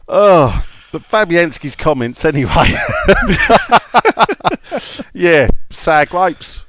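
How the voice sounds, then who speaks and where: Rambling, laughing bloke. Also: male voice, on the high side, expressive, slow, fairly bright tone, no room sound. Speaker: podcast co-host reading listener questions. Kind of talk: casual football chat.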